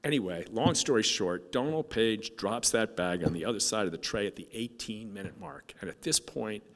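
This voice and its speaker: A man giving a heartfelt speech at a conference, telling a story with halting restarts and fillers, his voice sometimes dropping soft with emotion. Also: fairly low pitch, sing-song, gravelly. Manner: moved, voice dropping soft at times. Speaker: keynote speaker. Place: conference hall. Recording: hall reverb from a stage speech.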